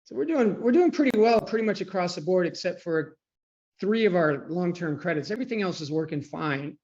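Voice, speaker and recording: A man coaching traders on a live online call, chatty and often clearing his throat. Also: sits high, expressive, a little fast, a little mellow. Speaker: trading coach. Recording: dull lo-fi call audio.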